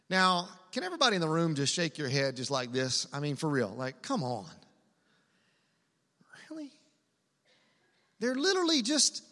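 A man preaching a sermon to a room, conversational and animated, with asides to the listeners. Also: sits high, big-room sound. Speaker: pastor.

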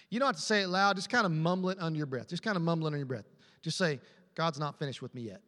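High-voiced preacher in a reverberant hall. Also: male voice, rapid-fire, fairly bright tone. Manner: emphatic, repetitive preaching with call-and-response questions. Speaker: pastor. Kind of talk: sermon. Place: church auditorium.

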